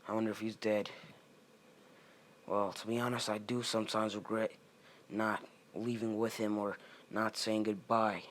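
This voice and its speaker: A young man improvising a fan fiction story in a rambling, halting way with many restarts. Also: lowish voice, flat delivery, a bit bright, slight background noise.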